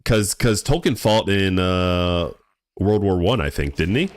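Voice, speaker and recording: Low-voiced laid-back male streamer. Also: animated, unhurried, no room sound, studio quality. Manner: laid-back, rambling, stumbles and repeats words. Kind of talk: casual live-stream chat while gaming.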